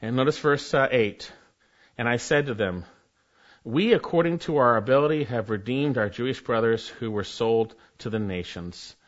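A man preaching a sermon, swinging from loud emphatic lines to quiet, urging ones. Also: medium pitch, lively intonation, moderate pace. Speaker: pastor. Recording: dull lo-fi sound.

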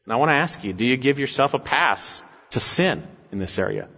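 A man's voice: medium pitch, lively intonation, fairly quick, pushed and bright. Man, pastor, expository sermon, emphatic, rhetorical questions, slightly dull sound, echoey church hall. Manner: emphatic, repeated rhetorical questions ending in "right?".

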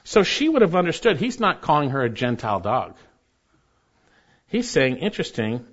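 A man's voice: a little high, sing-song, moderate pace, pauses often, slightly rough, muffled recording. A man preaching a sermon as pastor, earnest and emphatic, building in intensity as he explains a passage.

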